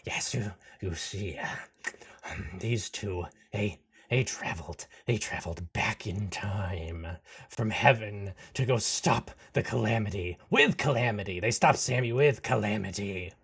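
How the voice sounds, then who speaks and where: Man as a low, breathy frog lackey, sly and fawning, tabletop game. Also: unhurried, fairly bright tone, full character voice. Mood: scheming. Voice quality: breathy, half-whispered. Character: sneaky male frog minion, breathy.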